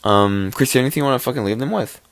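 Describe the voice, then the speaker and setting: A young man hosting a casual podcast, loud and joking, swearing often and laughing easily. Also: medium pitch, fast talker. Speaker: podcast host.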